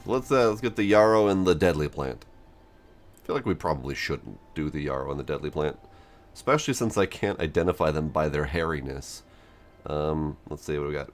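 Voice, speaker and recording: Speaking fairly quickly in a bass voice, this male streamer offers relaxed let's-play commentary. He's chatty and self-mocking, and he reads the on-screen game text out loud.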